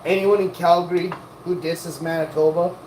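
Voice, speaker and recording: Over some background noise, a livestream host with a fairly low voice banters at a normal pace and fairly even intonation. She wanders from topic to topic, joking and poking fun at her chatters.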